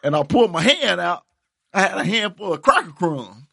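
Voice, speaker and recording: Lively bright man with a dry, close sound. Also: high voice, normal speed, vocal fry, breathy edge, dry recording. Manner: lively, laughs loudly at his own jokes. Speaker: podcast co-host. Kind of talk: casual joke-telling chat.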